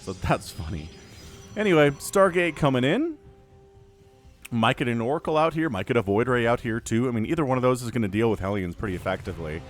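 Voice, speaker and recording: An energetic man calls a video game match on his own, and his pitch swings up and down as he reacts to the play. He keeps it playful and chuckles at the action. Soft background music runs under his voice. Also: fairly quick. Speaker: esports caster. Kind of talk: solo play-by-play game commentary. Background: faint background music.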